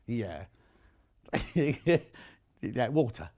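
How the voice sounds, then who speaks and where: A man's voice: mid-range voice, very animated, extremely slow, darkish tone. A man with a British accent presenting on a live craft shopping show, chatting and teasing as he reads out viewer messages. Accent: British English. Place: TV studio.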